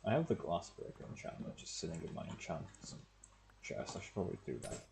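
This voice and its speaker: A man's voice: low-pitched, sing-song, fairly quick, creaky, a little mellow, slight background noise. A man, casually talking to himself as he plays a game on stream. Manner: muttering thoughts to himself while playing. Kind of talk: casual gameplay commentary.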